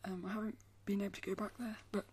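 A woman artist chats casually to camera at an everyday middle pitch. Her voice is soft and slides into a breathy half-whisper as she rambles and circles back over her own words. A faint hiss sits under the recording. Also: little pitch movement, quick pace. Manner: rambling, repeats and restarts phrases. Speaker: artist vlogger.

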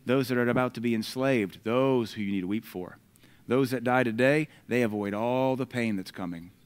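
A man with an American accent delivers a sermon in a middle-pitched voice. He reads scripture with loud, emphatic bursts and then drops into relaxed, conversational asides aimed at the congregation. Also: moderate pace, clear, resonant tone. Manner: conversational asides between readings. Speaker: preacher.

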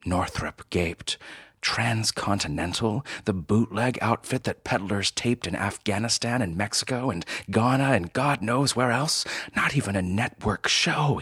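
A man narrating a dark science-fiction story in a measured, dramatic reading. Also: on the low side, slightly rough, dry recording, clean studio sound.

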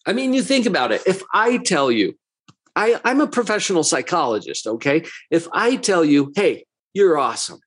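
A man's voice: sits high, very animated, moderate pace, fairly bright tone, breathy edge. A man who works as a psychologist giving a motivational talk, full of rhetorical questions, with a conversational and emphatic manner.

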